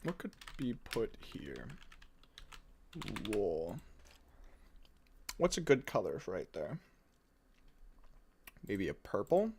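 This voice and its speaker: A man's voice: on the low side, drawn-out words, pauses often, a little hiss or hum. A man hosting a casual live stream, chatting with viewers and joking at his own expense as he builds. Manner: lively, jokey, chatty, often laughs at himself.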